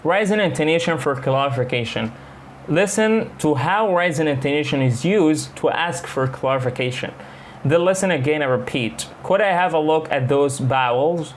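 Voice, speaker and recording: A man teaching an English lesson, reading slow example lines and explaining them quickly. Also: fairly high pitch, animated, a little hiss or hum.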